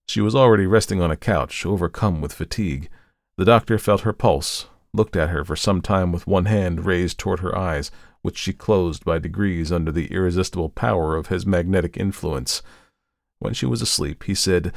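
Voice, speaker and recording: A man reading a first-person story aloud with measured, steady narration. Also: deep voice, vocal fry, dry recording, studio quality. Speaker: audiobook narrator.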